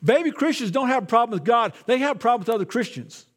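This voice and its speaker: A man's voice: extremely high pitch, expressive, fast. A man, a pastor, preaching a sermon in a conversational way, often repeating his words.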